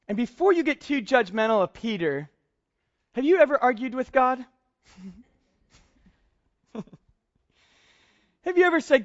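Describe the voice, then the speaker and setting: A man's voice: very high-pitched, sing-song, a little slow, pauses often. A male pastor preaching a sermon in a conversational way, chuckling often as he explains scripture. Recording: dull lo-fi sound.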